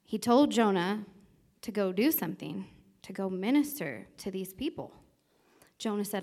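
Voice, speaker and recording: A woman's voice: mid-range voice, animated, normal speed, a little mellow. A woman preaching a casual sermon, telling a personal story in a chatty way and often checking in with the listeners. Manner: conversational, laughs lightly, checks in with okay.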